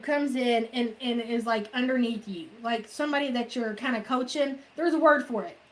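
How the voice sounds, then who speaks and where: A woman's voice: a little high, moderate pace. A woman in a casual chat, recounting events in a loose, chatty way. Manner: chatty, recounting with many likes.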